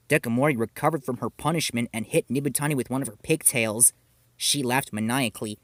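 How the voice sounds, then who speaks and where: A man narrating a story in an animated storytelling manner. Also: mid-range voice, brisk, dry recording, clean studio sound.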